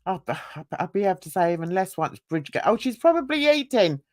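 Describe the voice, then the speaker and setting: A woman's voice: mid-range voice, very animated, brisk, no room sound, studio quality. A woman hosting a casual livestream chat, rambling and gossipy as she greets viewers in the chat by name. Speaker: livestream host.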